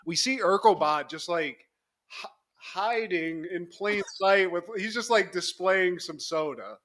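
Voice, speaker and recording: In a relaxed conversation, a young man recounts a TV episode to his fellow podcast host, his voice high and bright and his mood cheerful. The storytelling is lively, with frequent laughter and rapid impressions as he performs the characters' lines.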